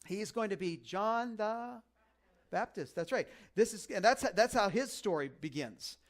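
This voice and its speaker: Lively high-voiced joking male pastor. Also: unhurried. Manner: animated and joking, with frequent fillers and restarts. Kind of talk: conversational sermon.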